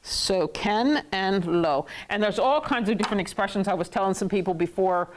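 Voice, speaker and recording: A woman's voice: medium pitch, normal speed. Playful woman teaching a class. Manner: playful, laughs often, acts out market phrases. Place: classroom with students.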